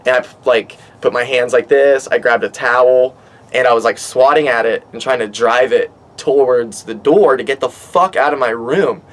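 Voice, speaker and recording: A man's voice: medium pitch, moderate pace. Swearing, rambling man telling a story outdoors. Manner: animated, swears a lot, rambling with restarts. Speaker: vlogger. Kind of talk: casual storytelling monologue. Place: outdoors on a back porch by water.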